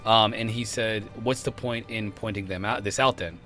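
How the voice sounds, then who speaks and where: A man's voice: on the low side, fairly even intonation, moderate pace, a bit bright, faint music behind. A man hosting a casual podcast, rambling and often restarting his sentences. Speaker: podcast host. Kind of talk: casual conspiracy podcast chat.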